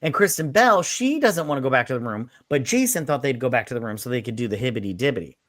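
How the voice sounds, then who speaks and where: A man's voice: mid-range voice, lively intonation, fast, dry recording. A man co-hosting a casual, tipsy movie review, rambling through the plot and quoting characters with plenty of swearing. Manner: rambling, retells scenes with quoted voices and swearing.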